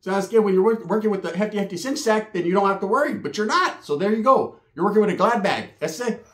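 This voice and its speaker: A man telling a profane, animated street story on his channel, slipping into voices for the people he quotes. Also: high-pitched, quick pace. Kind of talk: casual storytelling vlog. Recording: roomy echo.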